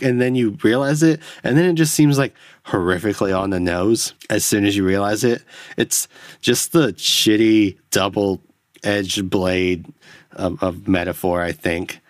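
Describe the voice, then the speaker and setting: Tipsy male solo podcaster, self-deprecating rambler, low and dry. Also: measured pace, no room sound. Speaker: podcast host. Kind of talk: solo film-review podcast. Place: home, alone in a chair at night. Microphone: studio mic close up.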